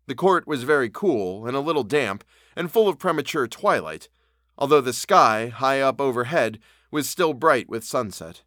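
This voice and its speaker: A man narrates a classic story for a podcast in a measured, steady reading. His voice sits at a middling pitch, recorded close and dry with no room sound. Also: no echo. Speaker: podcast reader.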